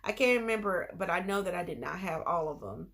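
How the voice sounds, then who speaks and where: Woman, 30s, school nurse. Upbeat, encouraging storytime delivery with a gravelly edge. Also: on the low side, fairly quick. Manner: excited bursts when retelling good news. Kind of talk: storytime vlog.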